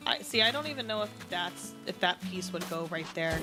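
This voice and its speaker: Chatty woman streamer over soft music. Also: on the low side, animated, moderate pace. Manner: rambling, self-deprecating, chatty with viewers. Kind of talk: casual livestream chat while playing.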